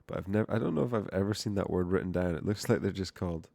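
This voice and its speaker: Man, young adult, casual live-stream chatter, rambling, profane, very low pitch, dry close sound. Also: rapid-fire, vocal fry, mellow, no room sound. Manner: rambling, profane, self-interrupting. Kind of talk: casual live-stream chat while coding.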